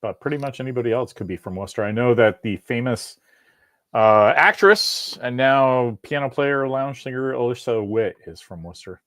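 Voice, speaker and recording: A man's voice: mid-range voice, dry recording, clean studio sound. A middle-aged man hosting a live podcast over a video call, chatting casually and rambling with lots of jokes and restarts. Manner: rambling, self-interrupting, joking. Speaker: podcast host. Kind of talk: casual live-stream chat.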